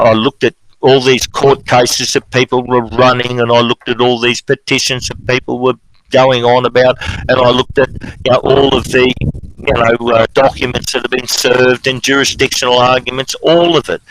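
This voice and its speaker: A middle-aged Australian man holds forth on a podcast, emphatic and rambling, circling back over his own phrases. His voice sits at an ordinary pitch and is recorded close and dry, with no room sound around it. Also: a bit bright, no room sound, rough recording. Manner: rambling, emphatic, repeats phrases, says mate often. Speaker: strike organiser on a podcast. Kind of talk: impassioned podcast talk.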